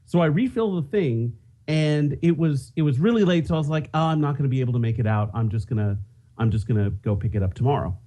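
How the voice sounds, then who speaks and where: A man's voice: medium pitch, expressive, fast talker, mellow. A man co-hosting a podcast, telling a self-mocking story in casual chat. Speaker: podcast co-host.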